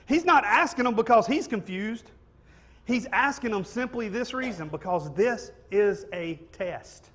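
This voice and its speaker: Guy preaching in church, high voice, laid back and funny, keeps saying right?. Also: expressive, unhurried, a bit bright. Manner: conversational, jokey, frequent "right?" asides. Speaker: pastor. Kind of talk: sermon. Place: church sanctuary.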